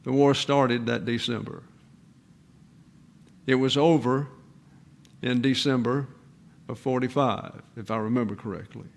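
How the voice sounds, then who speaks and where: A man in his eighties, a pastor giving a sermon in an earnest, measured way with pauses. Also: medium pitch, gravelly. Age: 80s.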